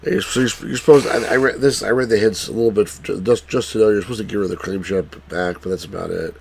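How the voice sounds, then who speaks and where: A man with a low, gravelly voice walks through a game puzzle on a stream. He talks haltingly and grumbles at the game, with faint noise underneath. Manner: hesitant, many fillers and restarts, frustrated at the game. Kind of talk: casual let's play commentary.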